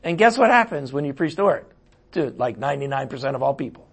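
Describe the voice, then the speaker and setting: A man preaching a conversational sermon, swinging between loud exclamations and quiet asides. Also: medium pitch, very animated, quick pace. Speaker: pastor.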